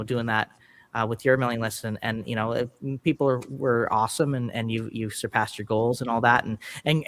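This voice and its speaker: A man who works as a voice actor, chatting casually as a guest from his studio, rambling and halting with frequent laughs. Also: medium pitch, fairly bright tone. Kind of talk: casual chat. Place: home studio.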